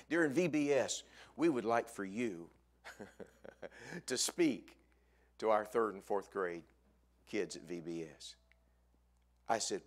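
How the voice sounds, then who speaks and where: A male evangelist tells a story during a sermon in a church sanctuary, moving at a moderate pace with lively energy and pushing his voice upward to stress key points.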